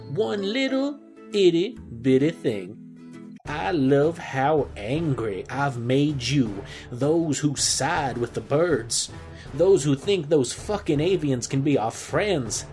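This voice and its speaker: A man's voice: on the high side, darkish tone. A man voicing a pompous, vengeful man who rants and swears about waging war on birds, in an improvised comedy sketch. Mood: pompous cheery. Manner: grandiose, ranting, swearing.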